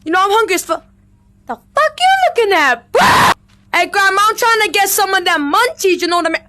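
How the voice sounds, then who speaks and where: A woman playing a VR game and yelling brash, profane commentary, often breaking into meows. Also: very high voice, animated, fairly quick. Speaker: VR gamer. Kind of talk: let's-play commentary. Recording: audible background noise.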